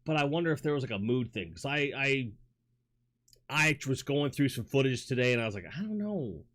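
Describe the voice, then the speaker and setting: Brisk and fairly bright, this mid-range male voice has a New York accent. As a livestream host in his home toy room, he speaks casually over a studio microphone, wandering between topics, reading chat out loud, and using many fillers and restarts.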